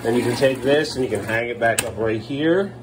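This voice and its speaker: A man in his thirties filming a casual home vlog as a father, coaxing his young kids upbeat, then dropping to low tired asides for the camera. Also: a little fast, background noise. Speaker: father and vlogger. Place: family home indoors.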